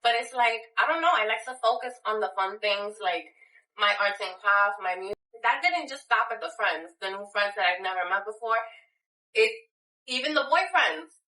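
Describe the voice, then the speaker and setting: Young woman, vlog rant: heated, swearing, rambling, restarts a lot; bright voice, sits back from the mic. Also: medium pitch, expressive, moderate pace, far from the mic. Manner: heated, profane, rambling with many restarts and fillers. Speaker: vlogger. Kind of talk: unscripted personal rant to camera. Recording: echoey room, voice a little off-mic.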